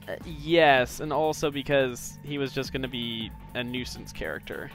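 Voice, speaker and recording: A man's voice: mid-range voice, normal speed, a bit bright, soft background music. A man co-hosting a game stream who chats casually and rambles, with lots of ums and uhs. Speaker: co-host of a game let's play stream. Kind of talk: casual gaming banter.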